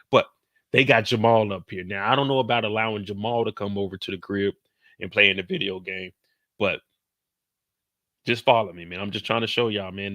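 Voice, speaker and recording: Male recap host, unhurried, slangy storyteller, crisp edge, no room sound. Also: fairly low pitch, no room sound, clean studio sound. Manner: slangy, animated, quotes characters in put-on voices; talks slower than in his live streams.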